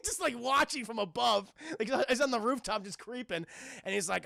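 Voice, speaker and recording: A man recounting a cartoon episode to his live chat in a casual, animated, profane way. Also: extremely high pitch, fairly quick, creaky, no room sound. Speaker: streamer and reviewer.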